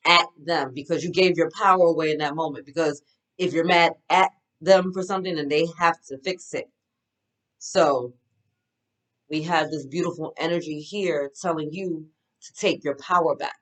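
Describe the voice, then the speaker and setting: A woman's voice: sits low, steady tone, normal speed, rough recording. Upbeat woman giving a spiritual pep talk. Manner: enthusiastic, affirming, chatty with frequent "right?". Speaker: spiritual card reader.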